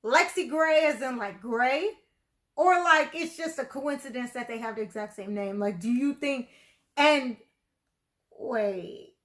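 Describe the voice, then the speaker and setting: A woman's voice: fairly high pitch, a little slow. A woman giving casual reaction commentary on a TV episode, rambling and chatty, full of "like" and "you know". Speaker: video reactor.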